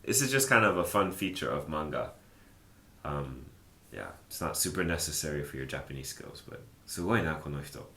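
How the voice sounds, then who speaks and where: A language teacher with a low, deep voice guides a lesson in a relaxed, chatty way, thinking aloud and pausing often with "uh" and "like." The explanation is casual, and the sound is roomy and echoey.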